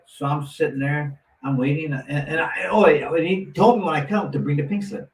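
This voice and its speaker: A man's voice: a little high, fairly quick. A man telling a long story in casual talk, acting out the voices of the people in it with lots of restarts. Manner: animated, acts out quotes with lots of restarts. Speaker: guest storyteller. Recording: roomy echo, mic at a distance, faint noise.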